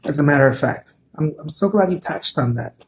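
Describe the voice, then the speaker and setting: A man's voice: fairly high pitch, lively intonation, fairly quick. Earnest man chatting on a live stream. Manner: chatty, repeats words, answers viewer comments; encouraging, earnest. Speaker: artist hosting a live stream. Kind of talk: casual live-stream talk.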